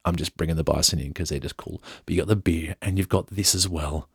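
An English podcast host with a low, gravelly, fairly bright voice and a breathy edge reads a news story aloud, adding chatty, playful, jokey asides. He talks fast in a steady tone, in studio-quality audio with no echo.

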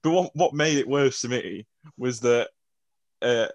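A man's voice: medium pitch, unhurried. A man co-hosting a podcast, telling a story in a casual, hesitant, self-deprecating way with many fillers. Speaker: podcast co-host.

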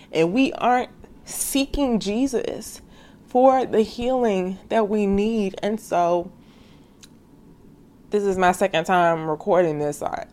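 A woman's voice: medium pitch, darkish tone. A woman hosting a devotional podcast who talks straight to her listeners in a slangy, heartfelt way. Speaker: faith podcast host. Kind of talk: casual devotional podcast monologue.

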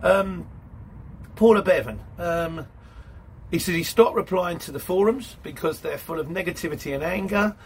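A man's voice: high voice, normal speed, slight background noise. A man hosting his channel, reading viewer comments aloud and answering them in a rambling, matey way. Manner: chatty, rambling, says mate. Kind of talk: casual live-stream chat.

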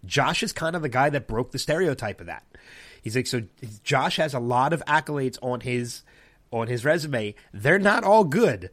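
Animated man telling a story. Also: mid-range voice, moderate pace. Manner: animated anecdote-telling, acting out others' lines. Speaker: podcast host. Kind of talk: casual storytelling chat.

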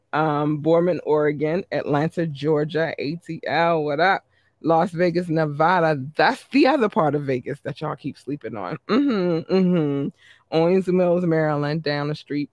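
A man hosting his podcast, reading out listener shout-outs in a chatty, upbeat way. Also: a little high, no echo, clean studio sound. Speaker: podcast host.

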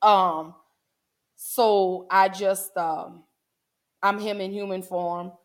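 A woman's voice: medium pitch, fairly even intonation, drawn-out words. A woman in her forties hosting a casual livestream, talking earnestly to her viewers and holding back tears. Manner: earnest, heartfelt, many "um"s, addresses chat as "y'all". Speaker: livestream host.

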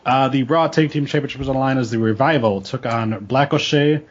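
A man's voice: medium pitch, fairly quick, breathy edge, lo-fi sound. A man co-hosting a casual wrestling podcast, joking and crude, often laughing. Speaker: podcast co-host.

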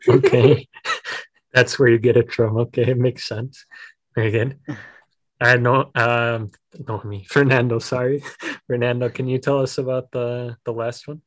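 A woman's voice: very deep voice, steady tone, measured pace, no room sound. Woman, english teacher, casual chat, laughs a lot, dry close sound. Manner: laughs often, asks questions. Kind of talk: casual conversational lesson.

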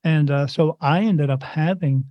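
A man appears as an interview guest, telling a long personal story in a loose, rambling style, acting out other people's lines and adding sound effects. His voice is on the high side and a little slow. The recording has no echo but sounds lo-fi.

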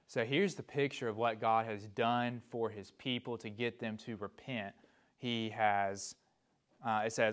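Clear-voiced male Bible teacher. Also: mid-range voice, fairly even intonation, moderate pace. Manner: explanatory, reads scripture aloud with emphasis. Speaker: preacher.

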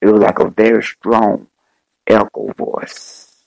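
A man preaching a fervent sermon as bishop and podcast host, repeating his phrases in slow, drawn-out, dramatic delivery. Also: on the low side, flat delivery, gravelly, darkish tone, poor audio.

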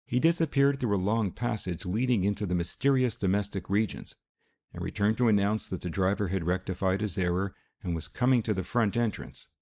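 Deep, gravelly man narrating an audiobook. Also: darkish tone. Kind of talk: scripted narration.

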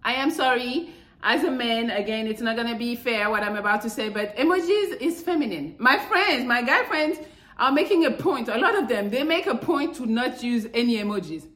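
A woman with a fairly high voice gives dating advice in a blunt, profane, animated way. Her voice carries a roomy echo. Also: moderate pace. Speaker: podcast host. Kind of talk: casual advice monologue. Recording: echoey room.

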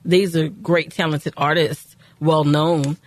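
A woman co-hosting a faith-based radio talk show, speaking in a measured, affirming, preacherly way. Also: low-pitched, little pitch movement, no echo.

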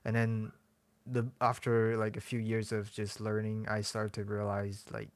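Young man, soft hedging speech, fairly low voice, dry close sound. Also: completely flat delivery, unhurried, no echo. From China. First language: Chinese. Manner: soft-spoken, hedging, laughs often. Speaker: podcast guest, artist. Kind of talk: casual interview chat.

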